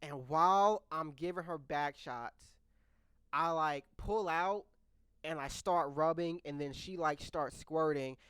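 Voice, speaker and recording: Bright-voiced animated young man storyteller. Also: on the high side, takes it slowly, clear, resonant tone, no echo, studio quality. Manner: animated, laughs often, stumbles and restarts; swears casually, addresses viewers directly. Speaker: vlogger telling a story. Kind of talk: casual storytime monologue.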